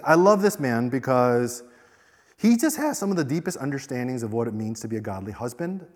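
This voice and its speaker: Chatty man preaching in a reverberant hall. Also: mid-range voice. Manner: conversational storytelling, frequent "you know". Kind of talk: sermon.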